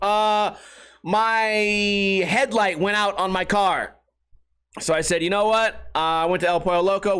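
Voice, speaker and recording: A podcast host with a high voice delivers a casual comedic monologue, riffing profanely. His storytelling is rambling and animated.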